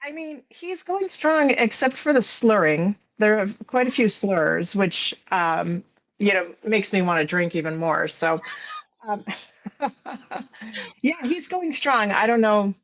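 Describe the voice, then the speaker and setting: A woman journalist and podcast host, raspy from a cold, giving thoughtful casual commentary as a guest on a live panel. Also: medium pitch, lively intonation, slow pace, fairly bright tone, rough recording. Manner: thoughtful, explains at length with fillers.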